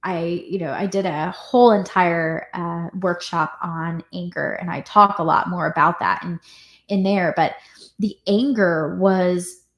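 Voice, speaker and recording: Low-voiced woman coach in echoey room. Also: steady tone, unhurried. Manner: conversational, with many fillers and restarts. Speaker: parenting coach. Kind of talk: casual reflective talk to camera.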